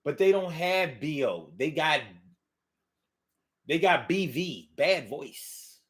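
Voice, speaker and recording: A man's voice: fairly high pitch, takes it slowly. A man from Philadelphia with a Philly accent, talking casually as host of a monologue show, repeating phrases and drawing out words. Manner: animated, repeats phrases, drawls words for effect.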